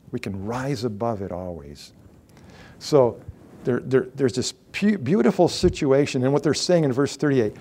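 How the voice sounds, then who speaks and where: A pastor preaching a sermon, his voice rising loud and dropping to near-whispers as he reads scripture and talks to the congregation. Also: mid-range voice. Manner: lively, rises loud then drops to near-whispers.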